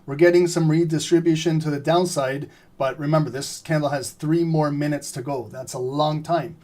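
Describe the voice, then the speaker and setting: A man giving live trading commentary, explaining steadily and often clearing his throat as he says he is losing his voice. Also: fairly high pitch, normal speed. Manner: steady explanatory, repeats "remember" and "right?". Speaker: trading streamer.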